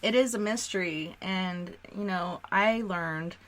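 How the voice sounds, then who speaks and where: Earnest low-voiced woman radio host. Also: a little slow. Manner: earnest, talks through beliefs. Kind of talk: conversational radio interview.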